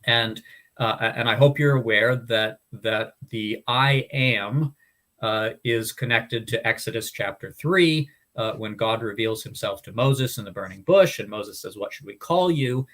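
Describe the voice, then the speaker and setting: A man's voice: fairly low pitch, measured pace, a bit bright. Earnest man explaining scripture. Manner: earnest, explanatory, frequent restarts and fillers. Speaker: Bible study podcast host. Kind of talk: casual teaching chat.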